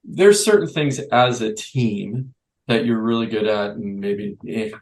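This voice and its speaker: A man's voice: mid-range voice, unhurried, darkish tone, rough recording. Rambling man hosting a coaching podcast. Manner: rambling, many restarts and fillers while thinking aloud. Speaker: podcast host, youth basketball coach. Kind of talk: conversational podcast interview.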